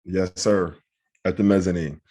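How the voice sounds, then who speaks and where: A man co-hosting a podcast, a comedian telling animated anecdotes and acting out voices in them. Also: low voice, moderate pace. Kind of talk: casual storytelling chat.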